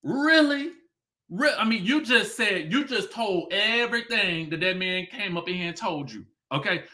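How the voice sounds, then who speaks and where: A man's voice: high voice, normal speed, bright, forceful tone. A man recapping drama as a commentator, talking casually and animatedly, firing off rhetorical questions and saying "okay" a lot.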